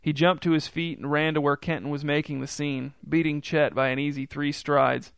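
Man narrating with a creaky voice. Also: on the high side, flat delivery, moderate pace, a bit bright, dry recording. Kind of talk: reading a story aloud.

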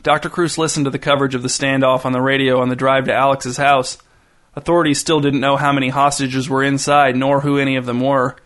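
A man narrating a short story in an even, dry reading style. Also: mid-range voice, fast talker.

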